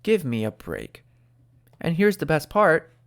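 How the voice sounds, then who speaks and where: Male host with a slightly high voice, emphatic and sarcastic commentary, close-miked. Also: huge pitch swings, a little slow, gravelly. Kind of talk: opinionated commentary. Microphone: close microphone.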